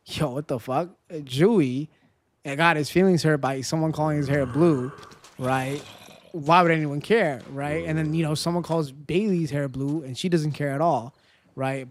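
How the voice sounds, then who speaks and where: A man's voice: a little high, dry recording. Chatty male streamer ending every line with "right?". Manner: rambling, tags nearly every sentence with "right?"; chatty and candid, swears casually. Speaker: gaming livestreamer. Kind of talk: casual livestream chat with viewers.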